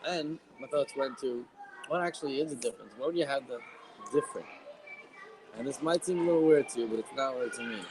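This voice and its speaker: A man moderating a group video call, sharing ideas in an animated, playful way. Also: mid-range voice, quick pace, music in the background. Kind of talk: casual group-call hosting. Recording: noisy video call audio.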